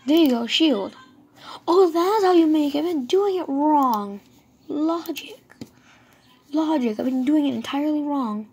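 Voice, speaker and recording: A woman giving casual, excitable commentary while she plays a game, talking to herself. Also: high-pitched, moderate pace. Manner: chatty, excitable, talks to herself. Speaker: gamer.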